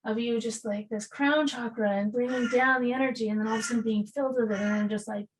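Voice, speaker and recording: A woman's voice: fairly high pitch, quick pace, slight background noise, poor audio. A woman guest on a podcast telling a vivid story in casual talk, acting out the voices of others and swearing freely. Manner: animated, acts out dialogue, casual swearing. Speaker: podcast guest, spiritual healer.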